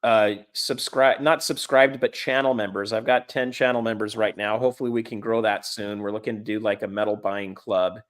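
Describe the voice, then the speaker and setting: A man's voice: fairly low pitch, steady tone, brisk, hardly any pauses, fairly bright tone. A middle-aged man hosting a casual livestream chat, rambling with fillers and restarts. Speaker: livestream host.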